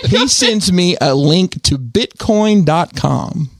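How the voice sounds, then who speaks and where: A man's voice: a little high, lively intonation, drawn-out words, vocal fry, pauses often, no room sound, clean studio sound. A man co-hosting a podcast, telling a story in casual chat and acting out both sides of a conversation in quoted voices. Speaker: podcast co-host.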